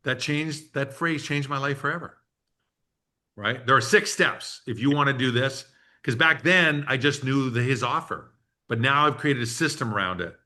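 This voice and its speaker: Bright-voiced man in his sixties. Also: mid-range voice, moderate pace. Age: 60s. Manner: animated storyteller who acts out quotes and laughs. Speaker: workshop presenter. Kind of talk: storytelling business workshop talk.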